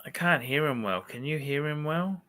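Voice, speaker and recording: A man hosting a casual livestream, swearing constantly and getting excited as he chats. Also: fairly high pitch, normal speed. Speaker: livestream host.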